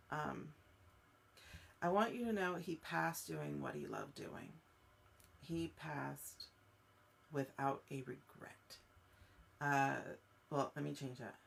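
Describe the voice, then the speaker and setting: A woman hosting a live-streamed spirit reading as a psychic medium. She speaks directly to a viewer and searches for her words, with many fillers and pauses. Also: sits low, sing-song, vocal fry. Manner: halting, searching speech full of fillers.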